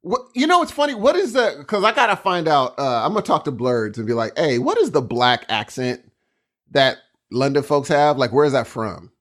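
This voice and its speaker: A middle-aged man co-hosts a casual podcast. His voice sits a little high and swings widely in pitch. He tells stories in quick, animated bursts. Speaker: podcast co-host. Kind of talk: casual chat.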